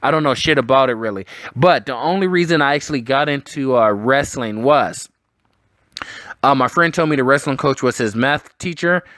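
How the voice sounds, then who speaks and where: A man's voice: medium pitch, normal speed, fairly bright tone, no room sound. A man answering viewer comments in a blunt, rambling way, swearing a lot as he chats. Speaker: sports vlogger answering comments. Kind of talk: casual profane chat.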